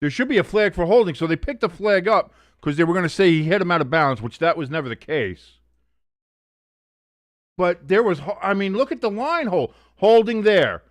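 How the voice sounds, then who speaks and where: A man hosting a live sports watch-along, talking through the plays, swearing freely and arguing loudly with the referees' calls. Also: sits high, normal speed, no echo. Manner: excitable, swears, argues with the referees.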